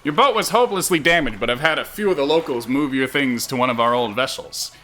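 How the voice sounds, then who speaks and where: A man's voice: medium pitch, lively intonation, fast, pushed and bright, soft background music, pitched above the performer's own voice. A man reading out a game's harbor master in a raised, theatrical, formal voice. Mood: grandiose.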